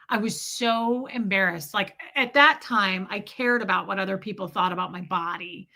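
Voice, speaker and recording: A woman chats candidly to her live viewers in a loose, rambling storytelling style. Her voice is bright and forward. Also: mid-range voice, normal speed, gravelly. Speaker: livestream host. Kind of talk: casual storytelling to live chat.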